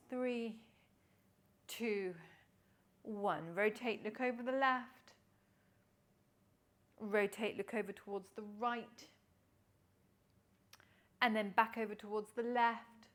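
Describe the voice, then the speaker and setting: A woman leads a Pilates session at home, talking the listener through each movement with calm, encouraging cues. Her voice sits in a middle pitch, and she counts breaths and repetitions at an even pace. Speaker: Pilates instructor. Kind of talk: guided exercise class instruction.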